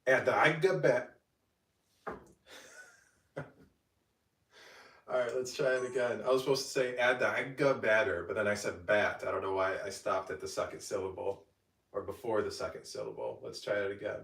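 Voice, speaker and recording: A man's voice: fairly low pitch, steady tone, normal speed, gravelly, long pauses, fairly bright tone. A man cooking at home and recording recipe voiceovers, who stops mid-phrase, laughs at his own slips and redoes the take. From Egypt. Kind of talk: casual behind-the-scenes vlog with recipe voiceover takes. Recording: roomy, mic some distance off.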